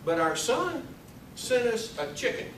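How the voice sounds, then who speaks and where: A man voicing a dry, deadpan old mother. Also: very high-pitched, a little slow, heavy background noise, pitched above the performer's own voice, exaggerated voice. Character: elderly mother, dry and matter-of-fact. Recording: echoey room, mic at a distance.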